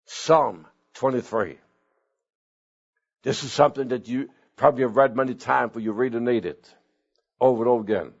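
A middle-aged or older man preaching a sermon as pastor, earnest, with sudden swings in pitch and slow emphatic phrases. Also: husky. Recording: dull lo-fi sound.

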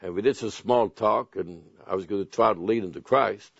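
A man preaching a sermon, telling personal stories and reading scripture slowly and deliberately. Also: fairly low pitch, vocal fry, no room sound. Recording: dull lo-fi sound.

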